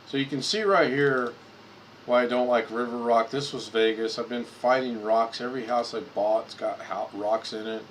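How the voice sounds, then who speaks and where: A man's voice: medium pitch, steady tone, normal speed, slight background noise, rough recording. A man hosting a casual live stream, rambling and repeating words as he clicks through photos at his computer.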